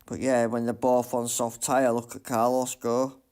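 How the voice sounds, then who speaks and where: A man streaming a racing game live, muttering commentary to himself and breaking into loud self-mocking outbursts. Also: mid-range voice, flat delivery, moderate pace, clear, resonant tone. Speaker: gaming streamer.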